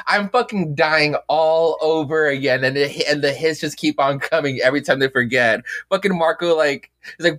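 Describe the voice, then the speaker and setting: A man co-hosting a casual podcast, reacting with laughter and animated retellings. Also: a little high, fairly quick, few pauses. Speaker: podcast co-host. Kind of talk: casual chat.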